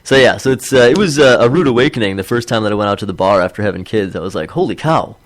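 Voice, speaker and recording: A man's voice: on the low side, racing, no echo. A man in his thirties chatting casually as a podcast co-host, telling stories and acting out the quotes. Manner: animated storyteller, acts out quotes. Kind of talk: casual chat.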